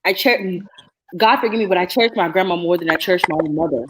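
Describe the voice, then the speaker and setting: A woman's voice: lowish voice, quick pace, noisy background. A woman co-hosting a casual podcast chat, telling a heartfelt personal story and speeding up when moved. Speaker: co-host.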